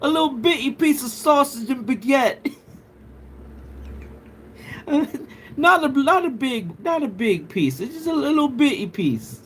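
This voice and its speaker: A man with a Puerto Rican accent voicing a prim, posh British gentleman in a sing-song, mincing put-on British accent. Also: very high voice, very animated, a little slow, long pauses, a little hiss or hum, voice pushed up, exaggerated voice. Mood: dainty.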